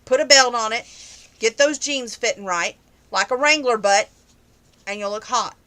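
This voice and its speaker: A woman's voice: on the high side, normal speed, fairly bright tone. A young woman answering viewer questions in a casual, opinionated chat that grows heated on some topics.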